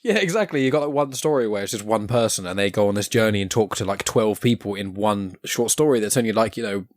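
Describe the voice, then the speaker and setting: A man's voice: lowish voice, lively intonation, quick pace, no echo, studio quality. A man hosting a podcast, chatting in a friendly, enthusiastic way and laughing often. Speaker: podcast host. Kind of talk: casual podcast chat.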